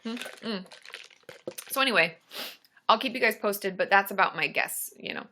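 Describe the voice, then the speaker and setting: A young woman with a bright, clear-edged voice chats through a live-stream Q&A as a therapist. She is bubbly and talkative, cheering viewers by name between her answers. The tone is casual and friendly throughout. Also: mid-range voice, animated, normal speed.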